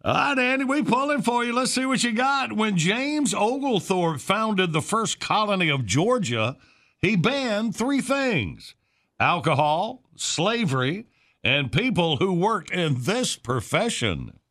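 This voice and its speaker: A man's voice: high voice, very animated, unhurried, a bit bright. A man hosting a morning radio show, bantering in a folksy, joking way and laughing often.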